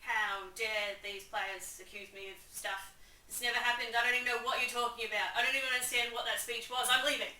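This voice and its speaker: A woman's voice: fairly high pitch, fairly even intonation, fairly quick, pushed and bright, reverberant, slight background noise. Lady doing a defensive guilty king in a huff, mic far off. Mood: indignant. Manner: huffy, defensive. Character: indignant guilty king, storming off.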